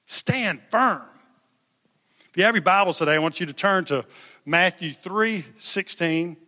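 A male pastor with a high, pushed, bright voice preaches at normal speed in an emphatic yet conversational manner, calling on the congregation to respond. The recording has a long hall reverb.

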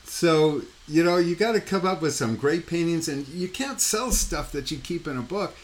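This painting coach and podcast host has a fairly high-pitched voice and talks at a moderate pace. Chatting casually, he wanders through an anecdote peppered with "like" and "you know," animatedly imitating voices and making his own sound effects.

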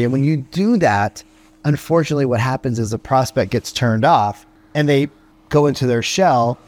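A man with a medium-pitched, darkish voice coaches sales in a motivational podcast monologue. He leans on punchy rhetorical questions and "right?" tags, and he imitates phone calls in quick voices.

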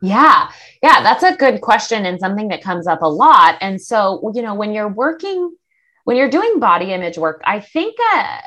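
A woman with a mid-range voice chats casually as a body image coach. She is animated and now and then acts out what her clients think to themselves. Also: medium pitch. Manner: animated, acts out quoted thoughts. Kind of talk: casual interview chat.

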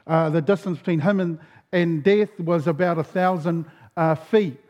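A man's voice: a little high, steady tone, normal speed, darkish tone. A man, a pastor giving a sermon in a casual storytelling way, with a tired voice full of fillers and restarts. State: voice going. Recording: dull lo-fi sound.

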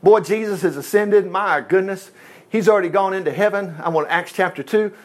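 A man preaching a sermon in an animated, emphatic way, with joking asides and chuckles. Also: high-pitched, fairly quick.

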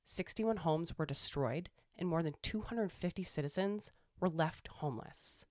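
A woman's voice: on the low side, normal speed, darkish tone, no echo, clean studio sound. A woman podcast host who interviews her guest and reads out a short factual passage in a firm, plain way. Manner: brief backchannels, then a firm, plainly read account. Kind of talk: casual interview, reading a prepared passage.

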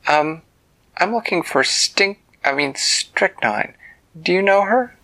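A man's voice: high-pitched, expressive, takes it slowly, sharp tone, voice pushed up, heavily acted, rough recording. A man voicing a brave, curious little girl in a made-up bedtime story. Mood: eager.

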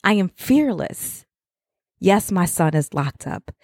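A woman's voice: fairly low pitch, very animated, slow pace, darkish tone, no echo, clean studio sound. A middle-aged woman, a mother, giving a casual motivational talk to other mothers, rambling and conversational and often checking in with the listener.

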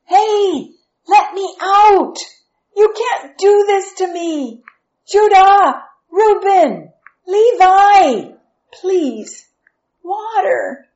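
High, frantic teenage boy played by a woman, shouting and begging; storybook read-aloud, dull lo-fi sound. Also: expressive, drawn-out words, exaggerated voice. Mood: desperate. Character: frightened pleading teenage boy Joseph.

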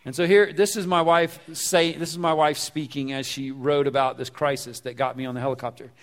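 Higher-voiced male pastor in a reverberant hall. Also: steady tone, brisk, a bit bright. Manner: conversational, repeats words, asks the audience questions. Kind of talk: sermon.

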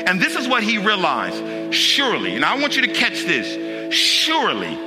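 An impassioned man preaching to his church, hammering home repeated phrases and firing urgent questions. His voice sits a little high for a man. It rings through a large reverberant sanctuary with music playing clearly underneath. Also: very animated, normal speed. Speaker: pastor. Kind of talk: sermon.

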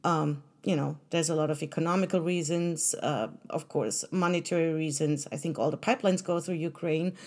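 Woman, podcast host, solo talk, earnest, conversational, lowish voice. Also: steady tone, normal speed, hardly any pauses, darkish tone. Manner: earnest, conversational, with fillers and restarts.

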